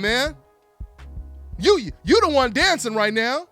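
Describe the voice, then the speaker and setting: A man hosting a solo live call-in boxing talk show, animated and taunting, calling out listeners over and over. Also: very high-pitched, measured pace, faint music behind. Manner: animated, taunting, repeats himself.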